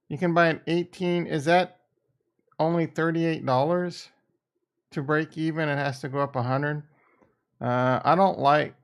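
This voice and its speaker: A man streaming live, thinking aloud as he trades crypto, with a rambling, casual and profane manner. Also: fairly high pitch. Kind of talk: casual livestream chat.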